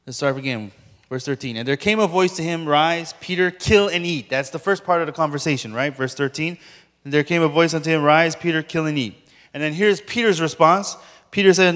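A man's voice: fairly high pitch, normal speed, a bit bright, in a large hall. A man preaching a sermon as a pastor, emphatically questioning his listeners and repeating key points.

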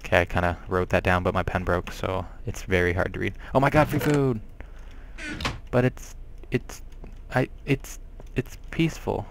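A man giving casual let's-play commentary on a puzzle game, excitable and quick to exclaim when things go wrong. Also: sits low, creaky, a little hiss or hum. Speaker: gameplay commentator.

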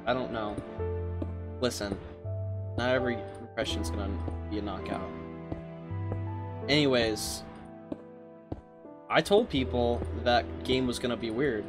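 A male streamer talking casually into a headset at a middle pitch, crude and quick to mock himself. Game music plays loudly behind him the whole time. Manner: crude, self-mocking, swearing. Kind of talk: casual livestream commentary.

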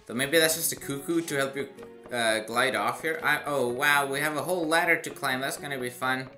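A man's voice: medium pitch, a little fast, pushed and bright, soft background music. A man doing casual gameplay commentary, chatty with self-mocking asides. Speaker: let's play gamer.

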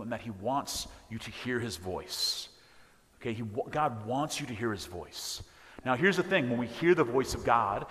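A man's voice: mid-range voice, a bit bright. Man teaching in a reverberant church. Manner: conversational, self-deprecating, with quick joking asides. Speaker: parish speaker teaching a faith class. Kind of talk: informal teaching talk in church.

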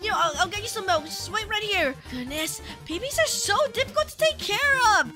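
A woman's voice: very high voice, lively intonation, brisk. A woman hosting a casual game role-play as an expectant mother, chatty, fretful and exclamatory. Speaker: channel host playing an expectant mother. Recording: voice chat over loud game music.

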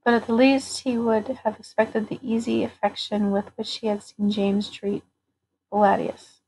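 A woman narrating a novel aloud at a steady, even pace. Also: medium pitch, moderate pace, a little hiss or hum, poor audio. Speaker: audiobook reader.

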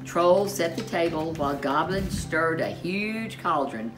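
Storyteller, woman, slow and lively in pitch, bright voice, faint music underneath. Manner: expressive, unhurried narration. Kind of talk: children's storybook reading.

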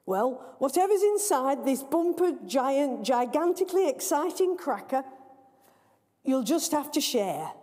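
A woman's voice: sits high, sing-song, a little slow, warm tone. A woman voicing a fussy, bewigged male master of ceremonies in a storybook reading, with a hearty, coaxing announcer tone. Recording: long reverb of a large hall.

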